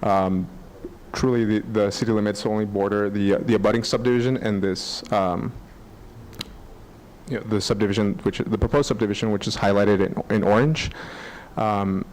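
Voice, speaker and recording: A man on city planning staff answering commissioners' questions in a measured way, with many fillers. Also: fairly low pitch, steady tone, a little mellow, slight background noise, low-quality recording.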